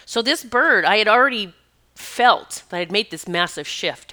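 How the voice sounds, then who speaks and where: A woman's voice: on the low side, lively intonation, normal speed, sharp tone. A woman who works as an animal communicator and healer, telling a personal story in a rambling, conversational way with many asides.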